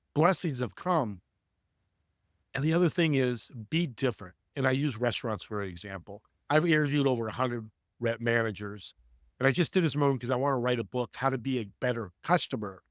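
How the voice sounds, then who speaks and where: A man guest telling animated stories in an interview, acting out voices as he speaks. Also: medium pitch, no room sound, studio quality. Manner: animated, acts out voices in anecdotes. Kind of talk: storytelling interview talk.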